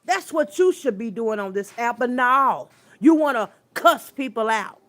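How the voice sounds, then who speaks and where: A woman's voice: a little high, lively intonation, unhurried, fairly bright tone. A woman hosting a casual livestream, scolding someone in a sassy, trash-talking way, stretching out words for emphasis and greeting her viewers. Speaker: livestream host.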